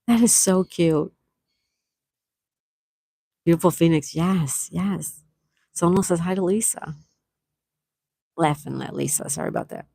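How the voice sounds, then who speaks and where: Middle-aged woman livestream host, low gravelly voice, dry close sound, friendly comment-reading chat. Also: big pitch swings, unhurried, long pauses, no echo. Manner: chatty, reads viewer comments aloud and thanks them; soft-spoken with sweet exclamations. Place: outdoors near calm water.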